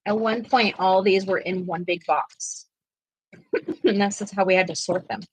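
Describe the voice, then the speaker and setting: A woman's voice: mid-range voice, fairly even intonation, a little slow, breathy edge, no echo, rough recording. A sleepy woman chatting and teasing casually at home while helping sort pencils. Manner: chatty, teasing, laughs easily. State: sleepy, yawning. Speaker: co-host. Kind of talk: casual chat.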